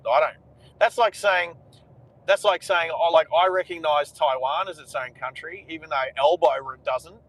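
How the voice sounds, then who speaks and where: An Australian man co-hosts while driving, rambling casually and often restarting his sentences from inside a moving car. His voice is on the high side and fairly bright, at a normal speed, and the recording is rough.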